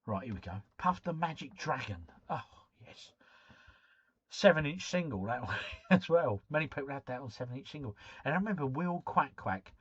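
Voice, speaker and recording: Male streamer, lively up-and-down delivery, dull lo-fi mic. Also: medium pitch, moderate pace, slightly rough, dry recording. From United Kingdom. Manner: chatty, matey, reads and answers chat comments. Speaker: live stream host. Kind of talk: casual live-stream chat.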